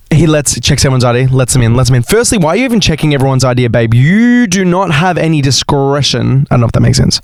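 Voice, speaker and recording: Chatty, dramatic young man. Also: no room sound. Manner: chatty, dramatic, jumps into high sing-song exclamations. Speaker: podcast host. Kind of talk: casual storytelling monologue.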